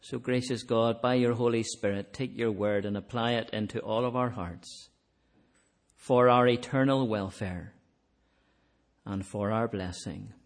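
A man preaching an evangelistic sermon, earnest, swelling to emphatic peaks and then dropping to soft, quiet appeals, closing in prayer. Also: fairly low pitch, steady tone, a little slow.

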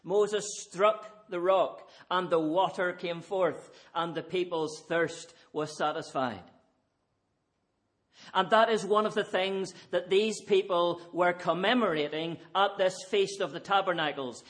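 A man's voice: sits high, a little slow, fairly bright tone. A man preaching an evening sermon, earnest and emphatic, pressing his listeners with repeated rhetorical questions.

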